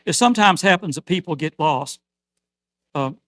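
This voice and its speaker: A man's voice: a little high, expressive, normal speed, no echo. Older male preacher, dry close sound. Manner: storytelling preacher, swings from loud to soft. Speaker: outreach minister. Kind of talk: sermon.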